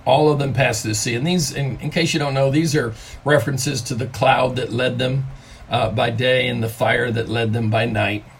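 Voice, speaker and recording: Speaking from home, this older pastor and grandfather offers a devotional in a conversational way, drawing out important words for emphasis. His mid-range voice is steady and creaky, and a little background noise is audible.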